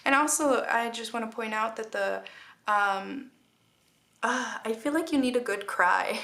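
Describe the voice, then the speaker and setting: A woman's voice: on the high side, measured pace, bright, forceful tone. A woman giving a casual spoken tarot reading, earnest and emotional, talking with many fillers and restarts. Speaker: tarot reader.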